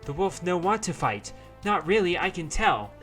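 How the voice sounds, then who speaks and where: A man voicing a gentle, wild young woman who speaks in broken, simple English. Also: sits high, big pitch swings, normal speed, faint music behind, voice pushed up. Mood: earnest.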